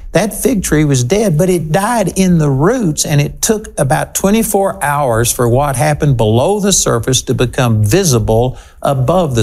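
Animated preacher with a lively voice. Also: male voice, mid-range voice. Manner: animated, acts out voices with dramatic pauses. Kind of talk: televised sermon.

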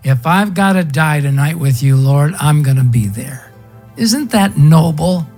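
Slow, conversational male pastor. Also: fairly high pitch, expressive, darkish tone, faint music behind. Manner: conversational storytelling, drawn-out emphasis. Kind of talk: sermon.

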